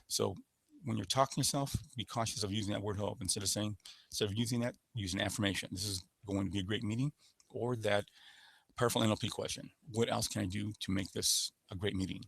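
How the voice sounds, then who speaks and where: A man's voice: fairly low pitch, fairly even intonation, quick pace, creaky, fairly bright tone, breathy edge, no room sound. A man presenting a sales-skills webinar in a coaching manner, showing voice patterns with sample phrases. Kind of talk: instructional webinar talk.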